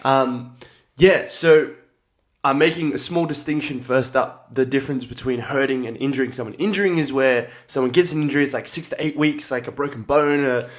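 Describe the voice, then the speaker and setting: A man's voice: medium pitch, fairly quick. A young Australian man hosting a casual livestream, talking loosely with frequent laughs and greeting viewers by name. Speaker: livestream host, combat sports athlete. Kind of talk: casual livestream chat reading comments.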